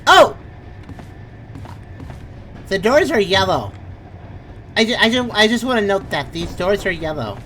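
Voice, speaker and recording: Woman streamer, animated pitch, chatty play-by-play with frequent laughs, slight background hiss. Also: unhurried, long pauses. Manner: chatty, thinks aloud, laughs often. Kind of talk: casual gameplay commentary.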